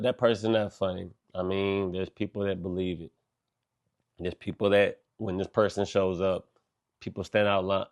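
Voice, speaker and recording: A middle-aged man with a somewhat low voice talks on his podcast in a loose, rambling rant. He is casual and animated, dropping slang and swearing as he goes. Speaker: podcast host. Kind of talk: casual monologue.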